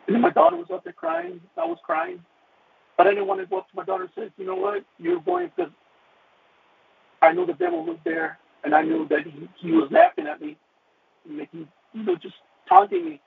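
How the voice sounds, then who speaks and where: Man giving a halting, emotional testimony, with a gravelly voice that swings up and down in pitch, over a tinny line. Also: big pitch swings. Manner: halting, with many restarts and repeated words. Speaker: caller sharing a personal testimony. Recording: tinny phone-like line with faint hiss.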